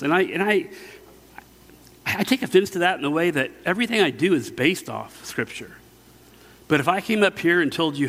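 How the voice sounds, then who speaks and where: A man's voice: on the high side, animated, normal speed, pauses often, a bit bright. A middle-aged man preaching a casual sermon, telling stories with many fillers and restarts. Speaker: pastor. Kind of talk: conversational sermon. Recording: long hall reverb.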